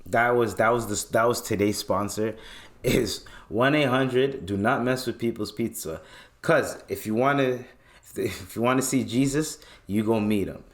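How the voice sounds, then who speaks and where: Medium in pitch and moderate in pace, the young man's voice carries his laid-back solo podcast from Canada. He uses loose slang, keeps the energy up, and plays out small scenes in character voices.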